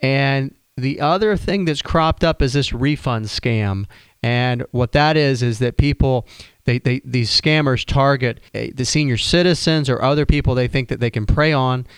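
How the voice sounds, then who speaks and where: A man's voice: mid-range voice, moderate pace, smooth, no echo, clean studio sound. A man hosting a radio advice show, talking casually in a folksy, conversational way with frequent restarts. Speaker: radio show host, financial planner.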